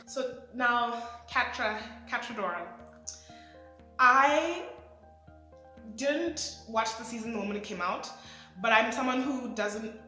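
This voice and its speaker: A woman in her twenties talking through a show review, excitable and rambling with lots of fillers. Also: a little high. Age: 20s. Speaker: vlogger. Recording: echoey room, faint music.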